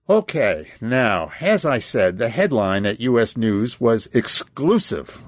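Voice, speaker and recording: A man's voice: mid-range voice, very animated, moderate pace, hardly any pauses, no echo. A man delivering scripted political commentary on the radio, emphatic and repeating key words for stress.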